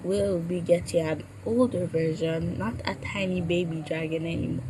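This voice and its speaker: A woman's voice: on the low side, moderate pace. A woman puppeteer chatting casually, with a sore throat from a cold and stumbling over her words. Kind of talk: casual chat. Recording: steady background noise.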